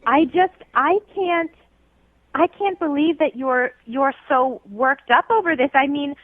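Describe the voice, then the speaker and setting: A woman's voice: high-pitched, a little slow, no room sound. A woman on the phone line of a radio show, flustered and apologetic, stammering. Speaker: caller on the other line. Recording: dry tinny phone line.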